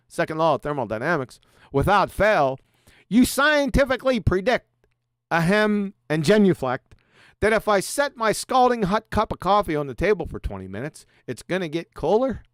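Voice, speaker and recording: A man's voice: high-pitched, a bit bright, clean tone, no echo, studio quality. A middle-aged man hosting a livestream, lecturing sarcastically and firing off rhetorical questions. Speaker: show host. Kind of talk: lecture-style livestream monologue.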